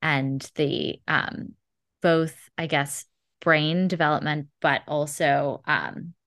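A woman hosting a casual interview, relaxed and hesitant, with frequent fillers. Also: sits low, takes it slowly, no room sound, studio quality. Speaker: podcast host.

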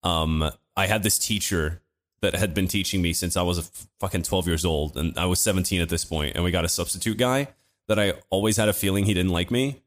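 Low-voiced young man telling stories. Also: steady tone, fairly quick. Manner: rambling, swears a lot, many fillers. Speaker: podcast co-host. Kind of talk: casual chat, storytelling.

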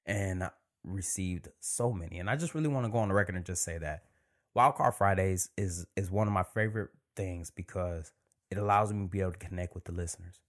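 A man hosting his own podcast, talking in a relaxed, conversational way and sometimes dropping to a near-whisper for emphasis. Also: sits low, brisk. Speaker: podcast host. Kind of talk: casual solo podcast monologue.

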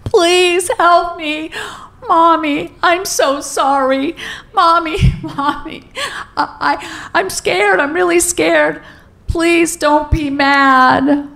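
A woman voicing a terrified twelve-year-old girl who pleads through sobs in halting, broken phrases. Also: extremely high pitch, fairly even intonation, creaky, fairly bright tone, voice pushed up, exaggerated voice.

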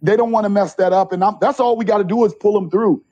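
Man, coach, middle-aged, animated storyteller, darker mellow tone, higher-pitched voice. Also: quick pace, breathy edge, muffled recording. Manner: animated storyteller, acts out quotes. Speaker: junior college basketball coach. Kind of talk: interview storytelling.

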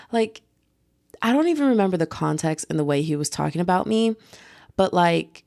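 A young woman vlogger telling a story in a chatty, lively way, acting out the quotes. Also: fairly low pitch, creaky, dry recording, clean studio sound. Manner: chatty, lively retelling full of "like" and acted-out quotes. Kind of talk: casual storytime.

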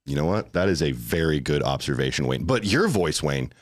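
A man's voice: rumbling low, animated, brisk, dry recording. A man hosting a podcast in a studio, teasing and joking with his guests and laughing often. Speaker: podcast host. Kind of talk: casual chat.

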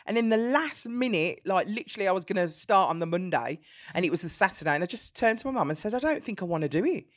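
A middle-aged woman with a Birmingham accent, a guest telling lively stories in an interview and laughing easily. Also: mid-range voice, quick pace. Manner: animated storyteller, laughs easily. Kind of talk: conversational interview.

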